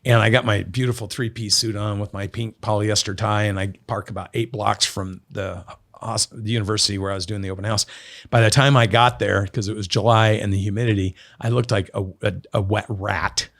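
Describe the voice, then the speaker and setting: This is a middle-aged businessman from Oregon being interviewed, with a lowish voice, a slightly quick pace, and some vocal fry. There's no echo as he animatedly spins stories and performs each character's lines.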